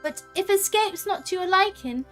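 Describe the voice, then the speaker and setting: A woman's voice: extremely high pitch, expressive, moderate pace, a bit bright, faint music behind, pitched above the performer's own voice. A woman voicing a haughty fey spirit who speaks in a grandiose, teasing way. She reads the lines aloud during a game stream. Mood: theatrical.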